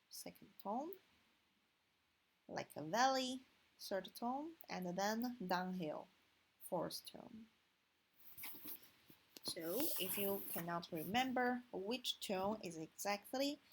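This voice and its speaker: A woman's voice: on the low side, husky, poor audio. A woman with a Chinese accent teaching a language lesson online, patient and explaining step by step with frequent "okay". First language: Mandarin Chinese.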